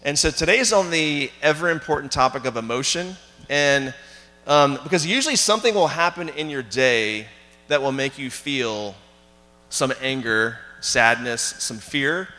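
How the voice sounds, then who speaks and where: Bright-voiced pastor in a reverberant church. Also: male voice, mid-range voice, animated, normal speed. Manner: conversational, with fillers and audience questions. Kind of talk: sermon. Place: church sanctuary. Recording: long hall reverb.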